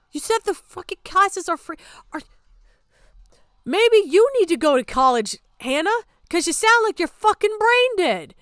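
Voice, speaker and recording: A woman with a high voice rants through a reaction stream, exasperated and sarcastic, swearing freely. The sound is close and dry, with no room around it. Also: pushed and bright, no echo. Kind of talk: ranting reaction commentary.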